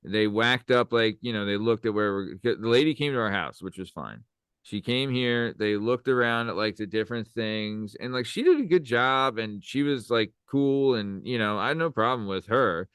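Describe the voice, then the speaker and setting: A man's voice: on the low side, normal speed, fairly bright tone, clear, resonant tone, dry recording. A man in his thirties co-hosting a casual podcast, loose and swearing as he reads listener comments aloud. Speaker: podcast co-host.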